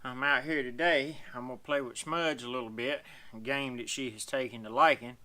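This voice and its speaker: A man's voice: medium pitch, fairly even intonation, a little fast, pushed and bright. A man talking casually to the camera outdoors about his dog, folksy and rambling, slightly out of breath. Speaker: dog owner vlogger.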